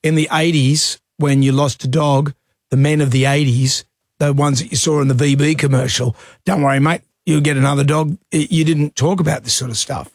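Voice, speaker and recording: A middle-aged man co-hosts a breakfast radio show, chatty and reassuring, with a slightly high voice. The studio sound is dry and close. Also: fairly even intonation, normal speed, no echo. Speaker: radio co-host. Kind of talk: casual breakfast radio chat.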